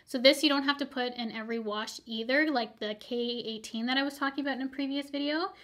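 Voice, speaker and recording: A woman beauty vlogger reviewing used-up products in a chatty, upbeat way, her voice a little hoarse from filming all day. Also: high-pitched, fairly even intonation, quick pace, fairly bright tone. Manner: chatty, upbeat, rambling asides. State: slightly hoarse, losing her voice.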